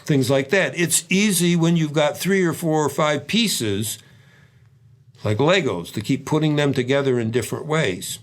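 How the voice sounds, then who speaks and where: An older man teaching drum phrasing, explaining in a relaxed way and scatting the patterns aloud between playing. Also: a little high, moderate pace. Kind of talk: demonstrating drumming.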